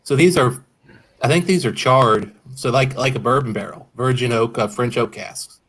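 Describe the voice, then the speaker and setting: A man's voice: mid-range voice, moderate pace, fairly bright tone, breathy edge. A man hosting a casual whiskey-tasting livestream, rambling and hedging with frequent self-corrections. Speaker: host of a whiskey review stream.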